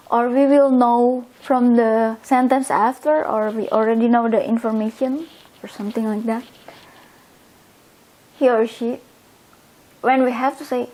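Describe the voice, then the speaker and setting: A woman from Indonesia, teaching a language lesson patiently and repeating example words slowly. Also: on the high side, mellow, poor audio. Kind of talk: slow explanatory language lesson.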